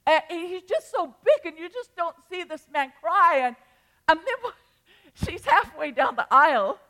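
A woman's voice: very high-pitched, big pitch swings, a little slow, pushed and bright. An older woman pastor preaching a sermon, telling a rambling story with restarts and bursts of feeling.

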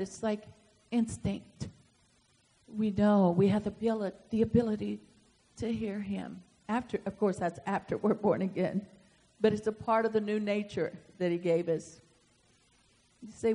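A woman pastor preaching a sermon, swinging from soft asides to loud emphatic swells. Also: mid-range voice, a little slow. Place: church sanctuary. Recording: long hall reverb.

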